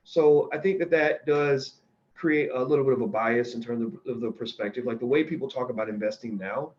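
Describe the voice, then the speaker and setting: On a muffled recording, a man with a medium-pitched, slightly mellow voice speaks fairly quickly as he hosts a casual livestream. Fielding viewer questions, he's blunt and opinionated, rambles, and keeps restarting his sentences.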